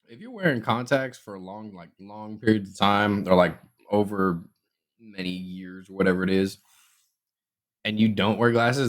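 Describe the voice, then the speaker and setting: A young man co-hosting a podcast tells a story in a relaxed, everyday tone. He's animated, jumping up in pitch to act out the people he quotes before settling back to his usual voice.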